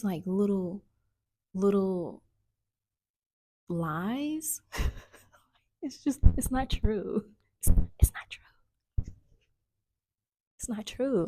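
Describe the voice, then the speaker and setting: A woman's voice: on the low side, a little mellow, dry recording, clean studio sound. A woman talking straight to camera as a spiritual coach, earnest and searching, with many restarts and sudden whispers. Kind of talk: casual vlog monologue.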